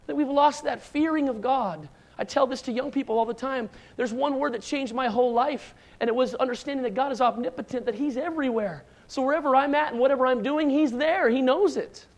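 This middle-aged pastor has a very high voice and talks fairly quickly through a sermon built on personal stories. He rambles in a relaxed, conversational manner with restarts and asides, acting out the shouted lines in his tales.

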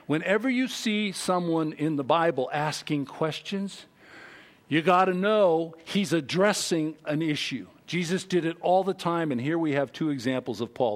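Animated high-voiced man preaching. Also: moderate pace. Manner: animated, emphatic, acts out voices. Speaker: pastor. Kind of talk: sermon.

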